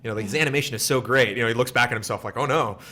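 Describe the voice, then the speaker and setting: Man, livestream chat, rapid talker, rambling, lots of restarts. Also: medium pitch, bright, forceful tone. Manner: rambling, full of likes and restarts. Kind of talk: casual chat on a game livestream.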